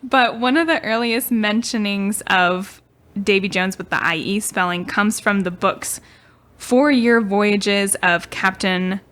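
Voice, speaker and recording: A woman's voice: mid-range voice, slow pace, fairly bright tone. Chatty young woman podcast co-host. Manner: chatty, giggly, trails off mid-sentence. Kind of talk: casual storytelling chat.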